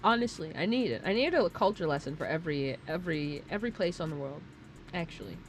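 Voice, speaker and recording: An American woman streamer chatting casually, animated and quick to laugh. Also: low voice, faint music behind.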